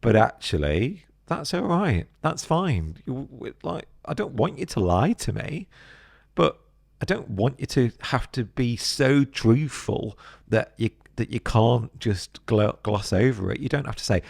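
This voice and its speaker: A middle-aged British man talking as a podcast guest, telling stories in a casual, animated way and acting out other people's voices. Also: medium pitch, measured pace, vocal fry, no room sound, clean studio sound. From Britain. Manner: animated, acts out voices of others mid-story. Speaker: podcast guest, business co-founder. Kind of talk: casual interview chat.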